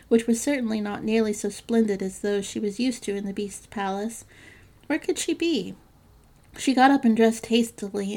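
Gravelly woman reading a fairytale. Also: medium pitch, a little mellow. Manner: measured storybook reading. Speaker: storyteller. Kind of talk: scripted fairytale narration.

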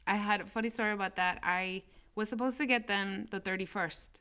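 A woman chatting casually and telling an animated story, slipping Spanish phrases into her English and acting out both sides of a phone call. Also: mid-range voice, brisk, smooth. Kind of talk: casual chat.

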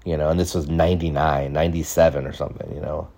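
A man in his thirties tells a casual, jokey, meandering story from his childhood on a podcast, acting out voices from it. His voice is extremely low and warm, with little pitch movement and a quick pace.

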